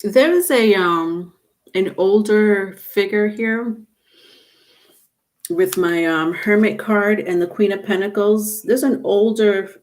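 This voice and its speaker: A woman's voice: medium pitch, slow pace, a little mellow. Chatty woman reading tarot live. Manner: chatty, answers viewers by name. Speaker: tarot reader.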